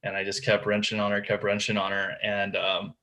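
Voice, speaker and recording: A man with a slightly low voice tells a long fishing story as a podcast guest. He talks casually and loosely, says "dude" and "man" a lot, and often repeats himself as he restarts a sentence. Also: monotone, a little fast, bright, forceful tone. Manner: restarts and repeats words while telling the story. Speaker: podcast guest, tournament bass angler.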